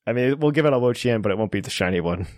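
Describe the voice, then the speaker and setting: A man hosting a podcast in casual chat, relaxed and rambling with plenty of fillers. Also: medium pitch, rapid-fire, no echo, studio quality. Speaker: podcast host.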